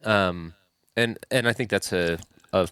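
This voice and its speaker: Low smooth-voiced man posing rambling questions. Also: a little slow, sharp tone, no room sound. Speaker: podcast co-host. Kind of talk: casual discussion.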